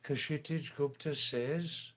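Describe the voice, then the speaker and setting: Slow-talking older man hosting a live chat. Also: on the high side, fairly even intonation. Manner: slow, playful, teasing asides. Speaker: livestream host. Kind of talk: casual live chat, reading viewer comments aloud.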